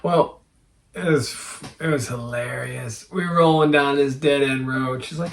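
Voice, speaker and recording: A man telling a story in a casual, animated way and laughing often. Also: fairly high pitch, unhurried, vocal fry. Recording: distant mic.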